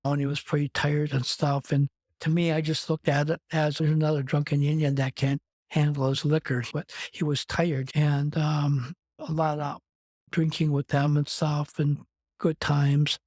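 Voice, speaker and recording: Interview guest: man from Wisconsin, slightly high, steady voice, recounting his life in a loose, run-on way. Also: unhurried, no echo. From Wisconsin, USA. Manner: rambling, conversational, strings clauses with "and". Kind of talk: personal storytelling in an interview.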